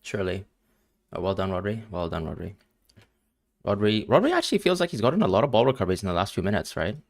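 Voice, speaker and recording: A man's voice: on the low side, lively intonation, quick pace, gravelly, no room sound, clean studio sound. A man streaming live and reacting emotionally to a football match as he watches, talking to his viewers.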